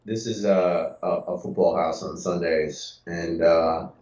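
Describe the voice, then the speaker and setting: Relaxed male podcast co-host, lowish voice, echoey and muffled recording. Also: takes it slowly. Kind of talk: casual sports chat. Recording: echoey, dull lo-fi sound.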